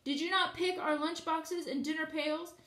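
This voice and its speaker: A woman's voice: high voice, fairly even intonation, moderate pace, a bit bright, roomy sound, voice pushed up. A woman putting on a cruel pompous creature leader. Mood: accusing.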